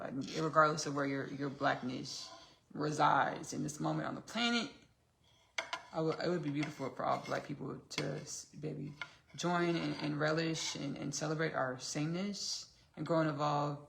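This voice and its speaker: A woman with a Texan accent chats loosely while she cooks, rambling and laughing as she calls out "y'all" and "baby". Her voice is bright and gravelly. It rings in an echoey kitchen with a faint hiss behind it. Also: low voice. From Austin, Texas. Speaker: podcast host. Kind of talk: casual chat while cooking. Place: home kitchen.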